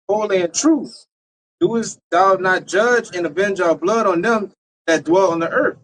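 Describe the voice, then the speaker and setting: A man's voice: high voice, animated, moderate pace, creaky, a little hiss or hum, rough recording. A man reading a Bible verse aloud, then paraphrasing it in casual slang. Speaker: scripture reader.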